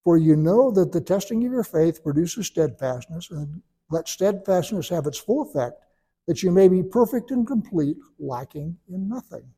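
A man giving a sermon in a relaxed, conversational way, telling stories and breaking into animated voiced asides. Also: high voice, moderate pace, breathy edge. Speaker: preacher.

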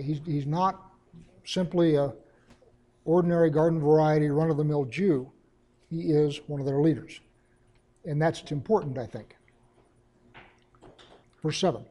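A man leads a Bible lesson, reading passages aloud and then unpacking them in a relaxed, chatty way. His voice sits a little high but sounds warm and mellow. The solemn readings alternate with easygoing explanation. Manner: conversational asides between solemn readings. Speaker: Bible teacher.

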